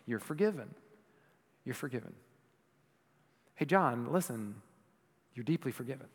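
Preaching man in a reverberant church. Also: mid-range voice. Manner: swings from loud emphatic preaching to soft hushed speech. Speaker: pastor. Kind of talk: sermon.

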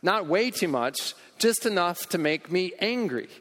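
A sarcastic, grumpy holy man put on by a preacher in a slightly high voice. He needles his followers in a petty, teasing way. His words ring out with a long reverb across a large hall. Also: expressive, unhurried, fairly bright tone.

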